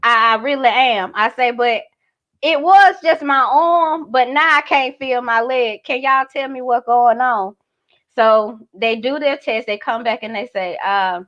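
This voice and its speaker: Woman guest, 30s, high bright voice, acts out her story's voices; muffled lo-fi audio. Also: unhurried. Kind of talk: storytelling in casual chat.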